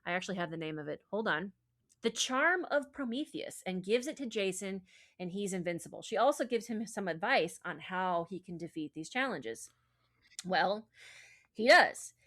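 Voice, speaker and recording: A woman's voice: mid-range voice, animated, moderate pace, fairly bright tone. A woman podcast host retelling a myth in casual chat, with lots of fillers and profanity. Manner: chatty, profane, filler-heavy.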